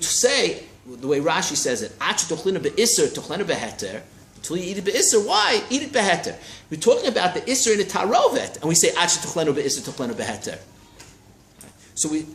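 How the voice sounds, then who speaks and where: A man teaching a Talmud class in a study hall, lively and constantly checking in with his listeners. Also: fairly high pitch. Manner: animated, keeps checking in with listeners. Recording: roomy echo, faint hiss.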